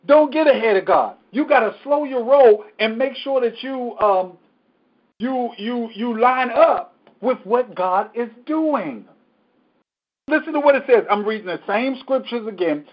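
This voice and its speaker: Pastor, male, high voice, repetitive emphatic preaching, dull lo-fi stream. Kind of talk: Bible study teaching.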